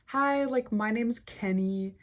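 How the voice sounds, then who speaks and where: A woman's voice: a little high, slow, voice pushed up. A woman putting on a polite young male salesperson in her own voice, speaking in an earnest, friendly way.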